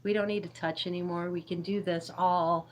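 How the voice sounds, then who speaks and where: A woman's voice: on the low side, steady tone, moderate pace, slight background noise, rough recording. A woman hosting a spiritual livestream, chatting in a loose, meandering way, laughing often and answering viewers' chat. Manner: giggly, meandering, reads chat aloud. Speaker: YouTube livestream host.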